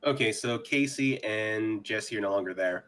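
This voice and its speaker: A man's voice: on the low side, normal speed, a bit bright. A man playing an online tabletop game, asking questions in a joking, casual way with fillers. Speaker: player.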